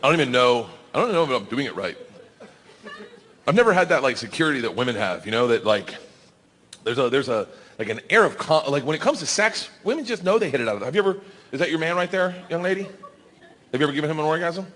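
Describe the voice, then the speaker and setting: A man doing a stand-up comedy set, animated and storytelling, acting out voices and bantering with the crowd. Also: fairly high pitch, fast talker. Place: comedy stage before a live audience. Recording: live show with audience laughter and background noise.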